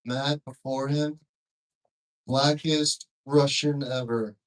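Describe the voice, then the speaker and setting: Male comic opening his set, very slow, relaxed, mid-pitched. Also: rough recording. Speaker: stand-up comedian. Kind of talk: stand-up opening. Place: comedy club stage.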